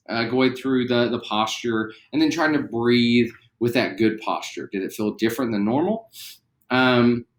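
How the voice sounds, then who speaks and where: A relaxed young man with a West Virginian accent leads a recorded theatre lesson. His voice sits at a middling pitch and rings out in an echoey room. He chats along easily, full of ums and uhs, and breaks off now and then to demonstrate. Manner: relaxed, chatty, with frequent fillers and demonstrations. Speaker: theatre teacher. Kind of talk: recorded online class lesson.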